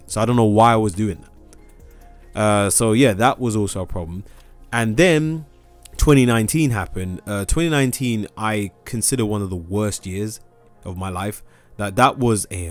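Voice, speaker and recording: A man's voice: fairly low pitch, a little mellow. A young man, a gaming YouTuber, talking casually to his viewers from his own room in a rambling way, full of fillers and restarts. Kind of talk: casual talking-to-camera update.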